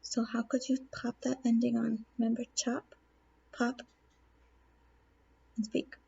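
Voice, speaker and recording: A woman teacher explains grammar in a patient classroom-video manner, posing questions and then answering them. Her voice is husky and gravelly with a dark, mellow tone. The recording is somewhat dull and lo-fi. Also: fairly high pitch, little pitch movement, a little slow. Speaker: Spanish teacher.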